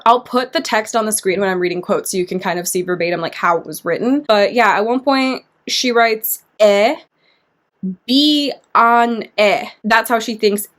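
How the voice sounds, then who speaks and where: Young woman, Romanian as a first language, casual book review, chatty, lots of "like" fillers, restarts mid-sentence. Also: medium pitch.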